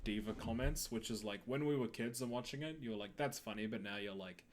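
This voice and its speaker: A man's voice: mid-range voice, brisk, noisy background. A young man co-hosting a podcast in casual chat, laid-back, laughing often and trailing off mid-sentence. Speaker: podcast co-host.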